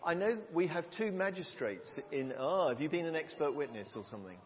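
A man's voice: fairly high pitch, lively intonation, a little fast. A man preaching a sermon to a congregation, earnest and conversational, asking the room questions. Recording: long hall reverb, dull lo-fi sound.

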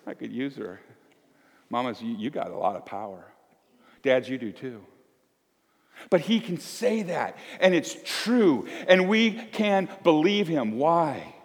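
A man's voice: mid-range voice, very animated, slow pace, long reverb tail. A man in his fifties preaching as a pastor, folksy and emphatic, asking one question after another. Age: 50s. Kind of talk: sermon. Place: church.

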